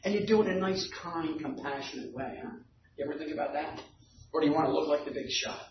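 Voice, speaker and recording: High-voiced man telling a story in an echoey room. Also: quick pace, a little hiss or hum. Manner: animated, building to shouting at the climax. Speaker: speaker at a recovery meeting. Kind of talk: storytelling talk to a group. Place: meeting room. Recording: echoey room, distant dull mic.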